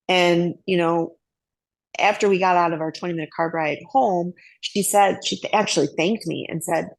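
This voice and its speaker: A woman's voice: lowish voice, moderate pace, gravelly. A woman in an online group class telling a personal story at length, rambling, with many fillers and asides. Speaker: class participant.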